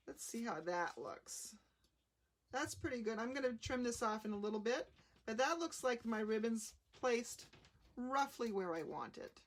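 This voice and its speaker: A woman hosting a live card-making demonstration, explaining each step in a chatty, unhurried way. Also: a little high, expressive. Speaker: craft demonstrator.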